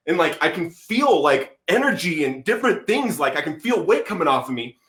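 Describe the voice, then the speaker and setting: A man telling his life story as a podcast guest, animated, acting out quotes and saying "bro" a lot. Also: fairly high pitch, a little fast, few pauses, roomy sound. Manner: animated, acts out quotes, says "bro" often. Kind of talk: storytelling testimony.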